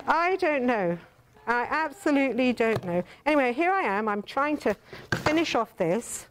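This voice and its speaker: An older English woman runs a cooking demonstration in a high voice that swoops up and down. She is theatrical and bossy, teasing her audience and calling them darling. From England. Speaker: cooking show host.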